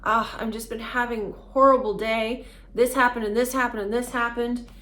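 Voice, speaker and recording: A woman's voice: a little high, fairly even intonation, normal speed, a bit bright, natural voice. A woman voicing a stressed female coworker who gushes her thanks in a chatty way, speaking in close to her own voice. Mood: gushing. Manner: gushing, thankful.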